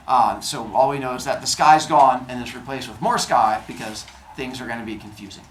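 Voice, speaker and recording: A man's voice: mid-range voice, a little fast, roomy sound, distant mic, a little hiss or hum. A male teacher telling a myth to his class in a playful storytelling manner with jokey asides, recorded in a classroom.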